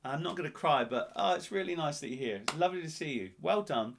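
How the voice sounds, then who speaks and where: A man's voice: a little high, expressive, fast, vocal fry, hardly any pauses. A man from England hosting a live-streamed pub quiz, reading out answers and teasing players in a jokey, playful way.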